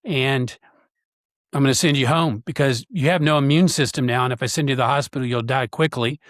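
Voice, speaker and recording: A man of medium pitch tells a painful personal story as a podcast guest. He speaks earnestly and haltingly, filling the gaps with pauses and fillers. The recording is dry and close. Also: dry recording.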